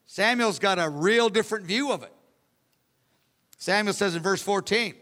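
A man preaching a sermon in an animated, conversational way, acting out the characters between his asides. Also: high voice, a little slow. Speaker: pastor. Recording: long hall reverb.

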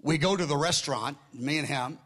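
An older man preaching, telling a story in an animated way and acting out the dialogue. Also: a little high, brisk. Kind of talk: storytelling sermon.

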